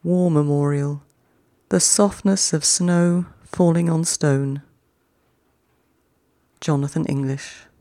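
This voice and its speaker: A podcast host reading short poems slowly and deliberately, each one twice with long pauses, then closing the show in a chattier way. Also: medium pitch, fairly even intonation, mellow, no echo, clean studio sound. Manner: chatty, quicker sign-off. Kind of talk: slow, measured poetry reading.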